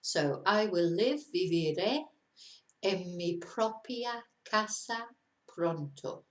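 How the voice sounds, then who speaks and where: A woman's voice: fairly low pitch, animated, slow. A woman teaching a casual video lesson, chatty and encouraging, now and then laughing at herself. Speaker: Spanish teacher. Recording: roomy echo.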